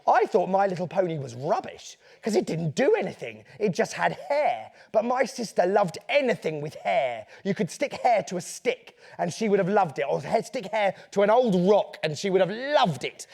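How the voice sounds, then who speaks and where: A man's voice: high-pitched, sing-song, moderate pace, vocal fry, darkish tone. A man, a children's author telling a playful, theatrical story to a young audience. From England.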